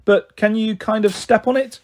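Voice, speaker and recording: A man reading aloud as a harried young mother who is brisk and snappy. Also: high-pitched, steady tone, a little mellow, voice pushed up, close to an everyday voice.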